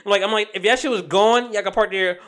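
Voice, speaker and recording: A young man co-hosting a casual podcast, telling animated stories full of swearing and laughter. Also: sits high, quick pace. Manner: animated storytelling, swears a lot, laughs often. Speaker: podcast co-host. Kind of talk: casual chat.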